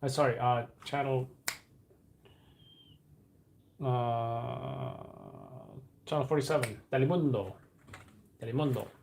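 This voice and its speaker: A rambling, musing live-stream host. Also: male voice, mid-range voice, measured pace, vocal fry, a little mellow, a little hiss or hum. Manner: rambling, thinking aloud while typing at a computer. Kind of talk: casual live-stream chat.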